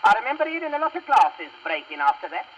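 A man's voice: very high voice, sing-song, quick pace, fairly bright tone, slight background noise, full character voice. A man playing a long-winded British ship's quartermaster in a comedy sketch, on a muffled old record. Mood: aggrieved. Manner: long-winded, polite storyteller.

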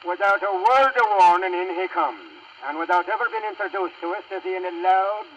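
A man's voice: sits high, fairly quick, fairly bright tone, slight background noise. A man playing a loyal, brawling Irishman with a chatty brogue, on a muffled old record. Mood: boastful.

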